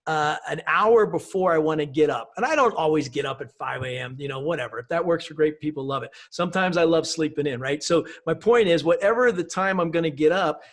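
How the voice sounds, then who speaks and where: A man's voice: a little high, a little fast, hardly any pauses. A man talking as an interview guest in an upbeat, enthusiastic way, often ending his points with "right?" and "you know". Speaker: guest speaker. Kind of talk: conversational interview.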